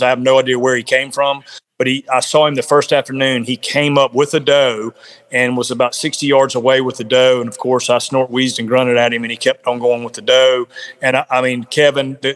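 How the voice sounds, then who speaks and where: A man who is a podcast guest, telling a hunting story in a casual, animated way and often repeating words. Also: medium pitch, a little fast. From South Carolina. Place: home, on a remote call.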